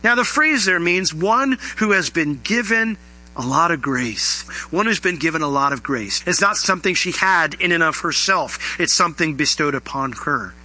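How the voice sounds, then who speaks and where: A man preaching a sermon, animated, his voice jumping high for emphasis and acted-out quotes. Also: normal speed, poor audio. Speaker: pastor.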